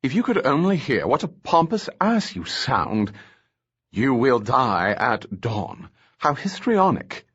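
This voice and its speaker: A man's voice: medium pitch, very animated, slow pace, a bit bright, slightly rough, dull audio, voice pushed up, exaggerated voice. A man voicing a defiant, sarcastic young woman. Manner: biting, sarcastic. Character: sharp-tongued, defiant young woman captive.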